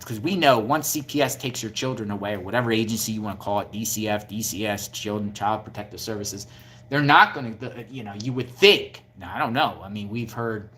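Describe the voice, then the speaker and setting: A man's voice: lowish voice, a bit bright. A man giving casual true-crime commentary, combative and repetitive, firing off rhetorical questions. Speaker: YouTube commentator.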